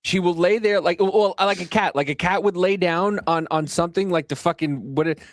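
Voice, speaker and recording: A man's voice: high-pitched, brisk, no echo, studio quality. A man co-hosting a podcast, telling a rambling story in casual chat and swearing often. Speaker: podcast co-host.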